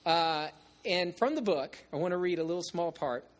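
A man preaching, retelling and reading aloud from a novel with expressive shifts and some halting restarts. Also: a little high.

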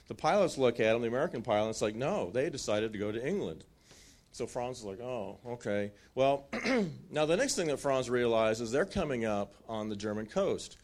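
Male preacher, mid-range voice, relaxed storyteller acting out the scenes. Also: medium pitch. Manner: animated storytelling with restarts and acted quotes. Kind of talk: sermon storytelling.

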